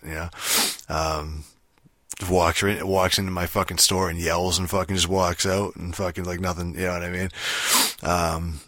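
A man's voice: deep voice, fairly bright tone, no room sound, clean studio sound. A man casually retelling a video game, rambling with heavy swearing, fillers and restarts.

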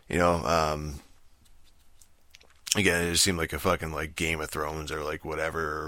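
A very deep-voiced man with a forceful, bright edge rambles through a casual rant, packing his talk with swearing and filler. The sound is dry and close, with no room around it. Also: no echo. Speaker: show reviewer.

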